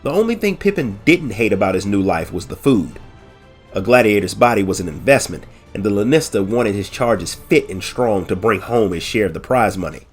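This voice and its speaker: A man narrates a game story in a measured audiobook manner, his voice low and noticeably nasal from allergy congestion. Between stories he speaks casually and warmly to listeners. Soft music sits quietly behind him. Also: lively intonation. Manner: measured, friendly sign-offs. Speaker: lore channel narrator.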